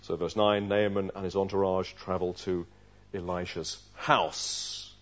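A man's voice: deep voice, flat delivery, unhurried. A man preaching a sermon who tells the story expressively and acts out the characters' voices. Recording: dull lo-fi recording.

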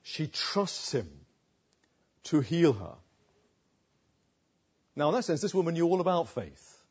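Male preacher, emphatic sermon, husky tone, dull lo-fi recording. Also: on the high side, very animated, slow pace, darkish tone. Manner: emphatic, asks rhetorical questions.

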